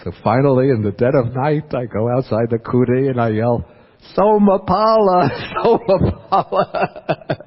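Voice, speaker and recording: A man's voice: mid-range voice, fairly even intonation, a little fast, few pauses. A man who is a Buddhist monk, telling a personal story in a dharma talk and chuckling often as he goes. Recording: dull lo-fi recording.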